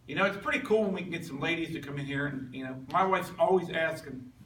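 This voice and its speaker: A man's voice: fairly high pitch, quick pace, a bit bright, recorded from a distance, slight background noise. A man in his fifties giving an earnest, conversational personal testimony to a men's group, with frequent restarts. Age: 50s. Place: meeting room with a group. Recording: roomy, off-mic with faint ambience.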